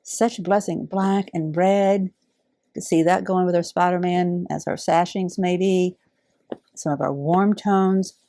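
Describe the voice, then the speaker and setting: A middle-aged woman, warmly unboxing donated fabric in heartfelt, awed casual chat. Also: fairly low pitch, steady tone, measured pace, dry recording, studio quality. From Alabama. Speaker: quilting channel host.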